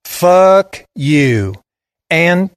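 A man's voice: on the high side, sing-song, drawn-out words, smooth, dry recording, clean studio sound, pitched above the performer's own voice, heavily acted. A man voicing a defiant, sneering teenage farm boy with a Southern drawl. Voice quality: drawling, cocky.

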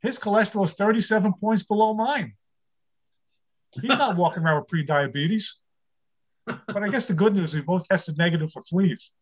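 A man's voice: high voice, normal speed, long pauses, slightly rough. An older man performing a stand-up comedy set, telling wry, self-deprecating jokes about his marriage.

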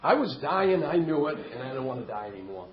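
A man's voice: mid-range voice, sing-song, a little fast, crowd noise. Middle-aged man, frank and wry, speaking in a meeting hall on a dull recording. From Massachusetts, USA. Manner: candid and self-mocking. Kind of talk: personal story at a meeting.

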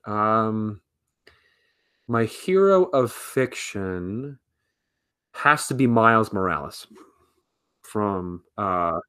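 A man answering questionnaire questions in a casual podcast chat, slow and hesitant with many ums, over a remote call. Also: lowish voice, expressive, sharp tone, smooth. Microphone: remote call with lag.

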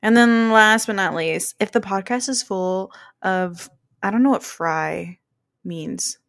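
Late-twenties woman, podcast co-host, casual and wry, slight vocal fry. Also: medium pitch, slow, a bit bright. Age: 20s. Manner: laid-back, swears casually, laughs at herself.

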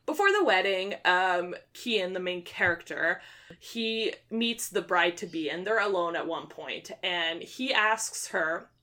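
Bright-voiced young woman retelling a story. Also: on the low side, lively intonation, measured pace. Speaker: book reviewer. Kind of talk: casual chat.

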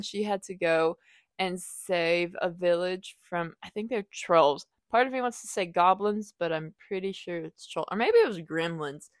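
Chatty woman rambling through a book review. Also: no room sound. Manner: rambling, self-correcting, acts out quoted lines in a higher voice. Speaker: podcast host reviewing a book. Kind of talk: casual book review chat.

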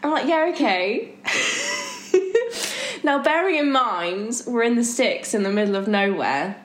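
A young woman hosting a podcast, telling a story in a lively chatty way and laughing often. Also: a little high, measured pace. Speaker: podcast host. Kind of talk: casual storytelling chat. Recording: echoey room with faint noise.

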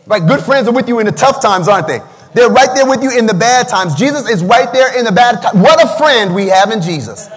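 Male pastor, very high voice, preaching with call-and-response, long hall reverb. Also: fast. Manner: preaching with call-and-response, breaks into singing a hymn. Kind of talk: livestreamed sermon.

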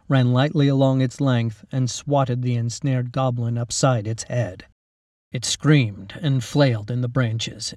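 Brief: male storybook narrator, medium pitch, steady dramatic read, dry room, slightly off mic. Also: no echo, distant mic. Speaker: author and reader. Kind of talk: scripted narration.

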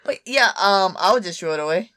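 A woman's voice: medium pitch, animated, brisk, fairly bright tone. Dry, sarcastic woman podcast co-host. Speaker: podcast co-host taking a quiz. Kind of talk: casual podcast chat.

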